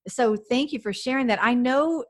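A woman's voice: on the high side, normal speed. A woman hosting an interview, affirming her guest and responding briefly. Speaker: podcast host.

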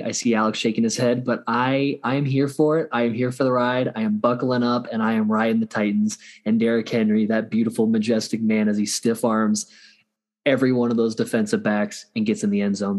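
A man co-hosting a sports betting chat, relaxed and playful, with many fillers. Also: on the low side. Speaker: podcast co-host.

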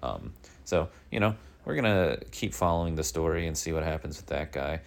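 A man with an extremely deep, gravelly voice hosts a daily news monologue. He meanders in a deadpan way, full of fillers and asides. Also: brisk. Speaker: daily news podcast host. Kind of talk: rambling comedic monologue.

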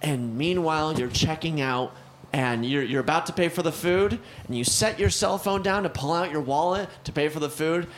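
A man's voice: a little high, moderate pace, few pauses, slight background noise. A young man co-hosting a podcast, telling a story in a casual chat and acting out the people in it. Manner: animated storyteller, acts out the people in his stories. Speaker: podcast co-host.

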